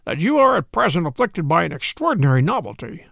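A man's voice: a little high, very animated, fast, vocal fry, fairly bright tone, no room sound, studio quality, heavily acted. A man reading aloud, voicing a proud, haughty male detective in a lofty, theatrical manner.

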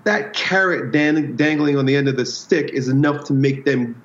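A man's voice: mid-range voice, moderate pace. A man, a strength coach, talking as an interview guest in a reflective way, explaining his ideas through metaphors and his own stories. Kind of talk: casual conversational interview. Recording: roomy, slightly dull sound.

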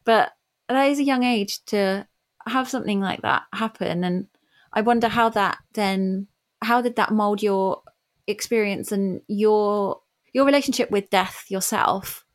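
A woman's voice: mid-range voice, unhurried. A woman hosting a podcast interview, reflective and thinking aloud as she asks her questions. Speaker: podcast host. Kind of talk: casual interview chat.

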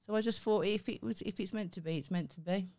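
A woman's voice: mid-range voice, fast. A woman co-hosting a podcast, telling a story with lots of swearing and acted-out dialogue in a casual chat. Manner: animated storytelling, swears freely, acts out quoted dialogue. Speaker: podcast co-host.

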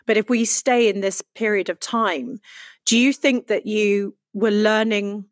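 A woman interviewer who asks warm, emotionally open questions. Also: medium pitch, fairly even intonation, unhurried, no room sound. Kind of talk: podcast interview.

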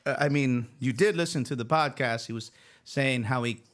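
A man's voice: mid-range voice, normal speed, fairly bright tone. A man from Philadelphia with a slight Philly accent, hosting a casual podcast chat, rambling and swearing with frequent restarts. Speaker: podcast host.

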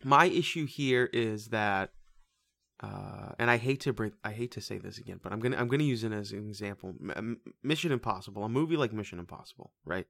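A man's voice: fairly low pitch, brisk, vocal fry, a bit bright, dry recording. A man co-hosting a casual movie review podcast, rambling and stumbling over his words as he talks. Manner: rambling, restarts and stammers. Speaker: podcast co-host.

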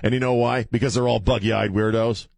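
A man's voice: mid-range voice, steady tone, brisk, vocal fry, darkish tone, no echo, studio quality. A middle-aged man hosting a radio talk show, joking loosely and provocatively and laughing often. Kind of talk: casual radio banter.

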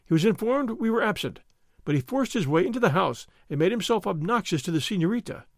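A man's voice: high-pitched, animated, quick pace, dry recording, clean studio sound. A man reading aloud and voicing an anxious older noblewoman, a mother, who speaks in a fussy, emphatic way.

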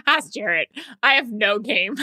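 A woman's voice: mid-range voice, sharp tone, dry recording, studio quality. A woman co-hosting a podcast in casual chat, upbeat and gushing, mocking herself. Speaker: podcast co-host.

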